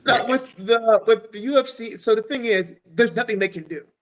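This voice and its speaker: A man's voice: very high voice, moderate pace, low-quality recording. A man, a guest fighter, retelling a fight in a casual podcast chat, swearing often and acting out what was said. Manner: animated storytelling, swears often, acts out his own quotes.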